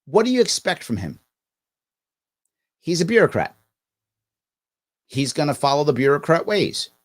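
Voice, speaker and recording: A man hosts a live stream, answering viewer questions with a lively voice that swings up and down. His voice sits a little high, and he acts out what other people said in mocking voices. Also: normal speed. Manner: animated storytelling with mocking voices and sarcastic asides. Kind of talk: live ask-me-anything stream.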